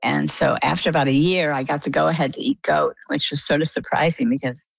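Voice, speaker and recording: Older woman, low gravelly voice, chatty storyteller, dry close sound. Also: brisk, dry recording. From Maine. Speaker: interview guest. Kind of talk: casual storytelling.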